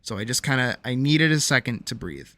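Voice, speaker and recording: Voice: medium pitch, lively intonation, a little fast, sharp tone, no room sound. A young adult streamer telling a candid personal story to a live chat from a home room, reflective and hesitant, with many ums and restarts.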